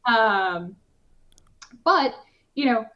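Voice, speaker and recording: A woman's voice: on the high side, expressive, extremely slow. Chatty woman, slightly lo-fi. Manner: chatty, many fillers and restarts. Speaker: podcast guest, competitive shooter. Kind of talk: casual conversational interview. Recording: slightly dull lo-fi podcast audio.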